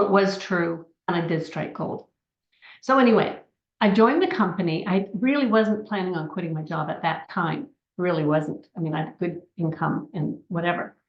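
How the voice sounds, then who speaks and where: An older woman in her sixties tells her story in a chatty, rambling way, full of asides. Her voice sits at a middling pitch. The recording is roomy and a little dull. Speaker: network marketing distributor. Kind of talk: personal testimony talk.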